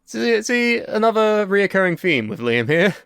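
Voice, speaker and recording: A man's voice: high-pitched, big pitch swings, moderate pace, gravelly, fairly bright tone, smooth, no echo, clean studio sound. A young man co-hosting a podcast in casual, sweary and wry chat about wrestling, sharing strong opinions. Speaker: podcast co-host.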